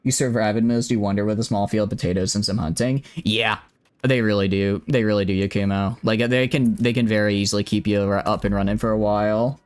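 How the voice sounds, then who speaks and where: A man streaming a strategy game live, rambling and correcting himself as he chats with viewers. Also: mid-range voice. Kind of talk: live gameplay commentary.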